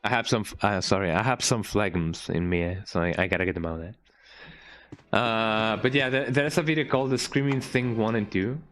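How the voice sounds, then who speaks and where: A man's voice: lowish voice, brisk, a bit bright. A man giving casual, rambling gameplay commentary while streaming, often tagging his sentences with "eh?" and restarting them. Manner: rambling, frequent "eh?" tag and restarts.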